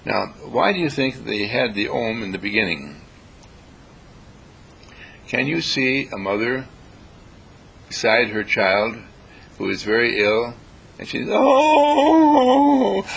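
A man giving a spiritual lecture in an animated way, acting out everyday examples and chanting sounds. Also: on the low side, vocal fry, a little hiss or hum.

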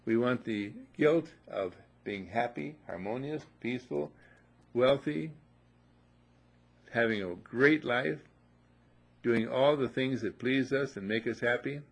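An older man talks in a relaxed, folksy way, telling little stories and then urging the listener to believe in themselves. His voice has a gravelly, slightly husky edge. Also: mid-range voice, slow pace. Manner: folksy storyteller, repeats affirmations. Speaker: motivational speaker. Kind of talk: casual motivational talk.

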